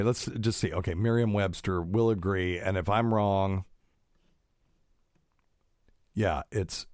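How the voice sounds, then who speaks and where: A man talks through a solo podcast in a low, deep voice. The sound is close and dry, with no room around it. He rambles, trails off with fillers, and fusses over correct word usage. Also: a little mellow, dry recording. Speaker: podcast host, doctor. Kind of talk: casual solo podcast monologue.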